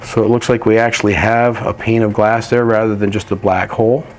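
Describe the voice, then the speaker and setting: Man calmly demonstrating an oil painting technique. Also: fairly low pitch, fairly quick, a little hiss or hum. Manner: relaxed, practical, explains while working. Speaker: painting instructor.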